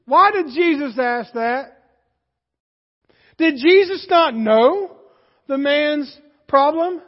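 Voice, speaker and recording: A male preacher with a very high voice delivers a lively sermon, swinging from shouts to quiet asides. The sound is dull and rings with a long hall echo. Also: slow. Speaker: pastor.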